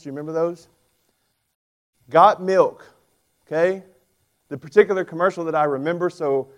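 A pastor in his forties preaches a sermon to his church. He tells stories in an animated, emphatic way, and his voice sits somewhat high for a man.

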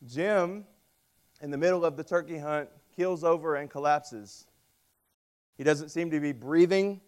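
A man preaching a sermon, telling stories and acting out quoted voices with lively emphasis. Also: on the high side, measured pace. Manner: storytelling with dramatic voiced quotes; animated, rising loud on emphasis. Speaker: pastor.

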